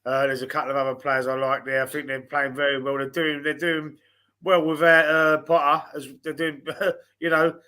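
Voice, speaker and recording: This podcast host has a Cockney accent and a slightly high voice, delivered completely flat at a moderate pace with a bright, forceful tone. Over a video call he hosts a casual football podcast, chatty and hesitant and full of fillers.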